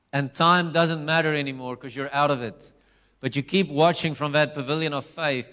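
A middle-aged male preacher, his voice sitting a little high for a man. He preaches with passion, swinging between intimate storytelling and loud, emphatic declarations. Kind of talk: sermon.

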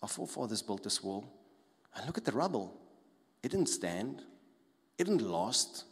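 A man preaches a sermon, talking to the congregation in a lively, conversational manner. He often throws in short tag questions and rhetorical asides. His voice carries a long reverb from a large hall. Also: on the low side, normal speed, breathy edge. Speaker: pastor.

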